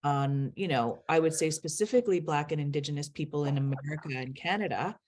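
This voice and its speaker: A woman's voice: low voice, brisk, a little mellow, slight background noise. A middle-aged woman, a guest, speaking earnestly in a candid interview and laughing as she tells stories.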